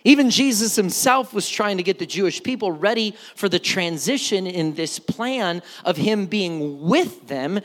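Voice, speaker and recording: A pastor preaching a sermon with animated delivery, stumbling over repeated words as the point builds. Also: mid-range voice, a little slow, few pauses. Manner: animated preaching, acts out quoted voices. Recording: long reverb of a large church hall.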